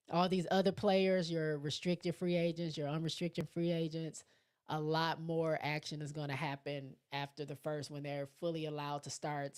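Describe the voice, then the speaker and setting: A woman with a low-pitched voice hosts a live stream, answering viewer comments in a relaxed, chatty way. A frog in her throat keeps her clearing it between thoughts. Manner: chatty, reacts to each comment. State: throat irritation, clears throat often. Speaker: live show host reading viewer comments. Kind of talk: casual live-stream chat.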